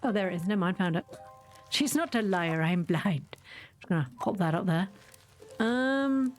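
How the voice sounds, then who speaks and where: A woman's voice: medium pitch, animated, moderate pace, soft background music. A young woman streaming a game, chatting casually and sarcastically, often giggling as she rambles. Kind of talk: casual chat while gaming.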